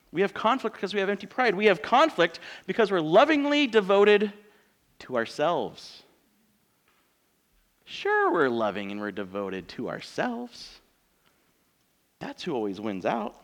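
Male pastor in his thirties, lively sermon voice pitched a bit high, chatty and joking with the congregation. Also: takes it slowly, vocal fry, pauses often. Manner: conversational, joking, asks the congregation rhetorical questions. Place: church.

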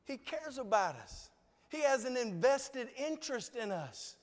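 Earnest preacher, a man with a very high voice, chatty, long hall echo. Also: very animated, measured pace. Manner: earnest, conversational, repeated rhetorical questions. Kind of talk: sermon. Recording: long reverb of a large hall.

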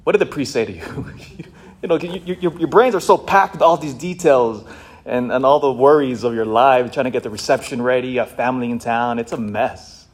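A male priest giving a passionate homily, swinging between loud, fired-up shouting and hushed, quiet stretches. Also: medium pitch, a little fast. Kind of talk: sermon.

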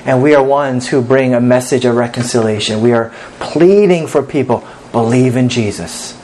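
A male pastor delivers a sermon in an earnest, steady voice of middling pitch. He reads scripture aloud and lifts his voice to stress key points. A faint hiss of noise sits under the recording. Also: normal speed, low-quality recording.

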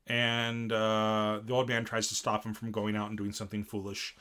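Bright-voiced man rambling through a recap. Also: on the low side, moderate pace, few pauses, clean tone. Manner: rambling, animated retelling with many fillers. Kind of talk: casual chat recapping an anime episode.

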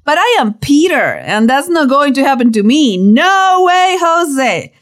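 A boastful, stubborn male disciple, put on by a woman in a raised, swooping voice. He is cocky and emphatic and brushes off every doubt. The delivery is lively and insistent, as in a dramatized Bible lesson. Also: high voice, a little slow, voice pushed up.

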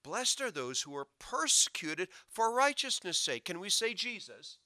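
A man preaching a sermon, swinging from loud emphatic lines to low quiet asides. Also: very animated, a little slow, dry recording, clean studio sound. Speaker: pastor.

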